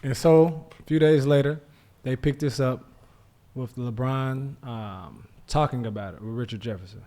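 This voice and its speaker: A man co-hosting a casual sports podcast, retelling events in a relaxed way with plenty of quoted speech. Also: medium pitch, normal speed. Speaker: podcast co-host.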